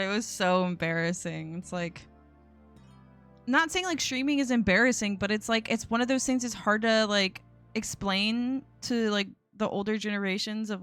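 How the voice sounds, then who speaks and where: A woman's voice: medium pitch, fairly bright tone. A young woman streaming live, chatting casually with viewers in a rambling way full of fillers and restarts. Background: faint music.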